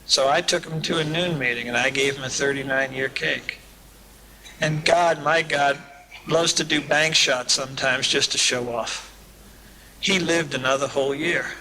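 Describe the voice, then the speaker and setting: A man's voice: mid-range voice, fairly even intonation, moderate pace. A man giving a talk at a recovery meeting, telling humorous stories in a folksy way. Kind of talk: storytelling talk to an audience. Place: live talk at a summer event. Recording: hissy old cassette tape.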